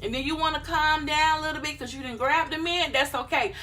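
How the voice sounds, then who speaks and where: A woman giving casual YouTube channel advice, animated and playful, acting out quick voices of others. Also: high voice. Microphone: phone camera.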